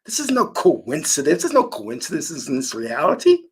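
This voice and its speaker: A man's voice: fairly high pitch, huge pitch swings, moderate pace, slightly rough. A man giving a motivational spiritual talk about manifesting through dreams, emphatic and given to storytelling.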